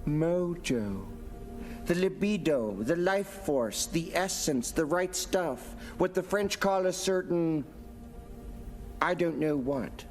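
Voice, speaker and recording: Doctor Evil, a pompous supervillain. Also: male voice, on the high side. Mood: smug. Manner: pompous, deadpan, theatrical pauses. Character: pompous bald male supervillain, scheming. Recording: film audio with reverb and music.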